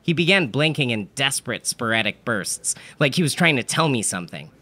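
A man's voice: medium pitch, very animated, brisk, bright, forceful tone. A man telling an absurd comedic story in a dry, matter-of-fact manner. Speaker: narrator.

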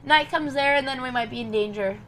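High-voiced and brisk, a young chess streamer talks herself through her moves against a little hiss or hum. Between muttered calculations she bursts into animated conversation with the people watching.

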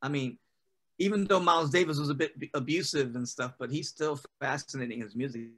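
A man, a poet, answering interview questions in a loose, casual way, full of "you know" and quick asides over a video call. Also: mid-range voice, a bit bright. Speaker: poet and guest.

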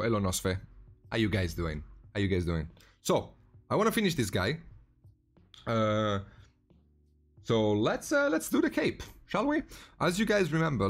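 A man hosting a casual live stream while painting miniatures, greeting viewers by name in a relaxed way with frequent restarts. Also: fairly low pitch.

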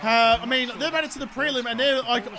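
A young man giving excitable live commentary over a football video game, swearing and shouting at his players. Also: very high-pitched, fast talker, a crowd in the background. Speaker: gaming YouTuber.

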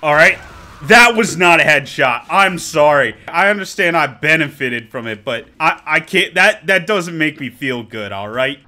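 A man's voice: a little high, animated, normal speed, sharp tone. A man giving joking, exclaiming running commentary over his own gameplay. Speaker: gaming video creator.

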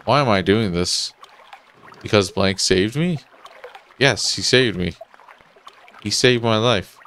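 A man's voice: on the low side, slow pace, a bit bright, a little hiss or hum. A man voicing a dutiful, pompous male knight who talks in a stern and stiffly formal way, with faint game music behind him. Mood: brooding.

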